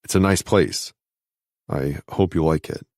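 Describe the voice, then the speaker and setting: A man reading as a gentle, caring young man. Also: extremely low pitch, unhurried, no room sound, studio quality. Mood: warm. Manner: soft, reassuring. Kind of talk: audiobook dialogue.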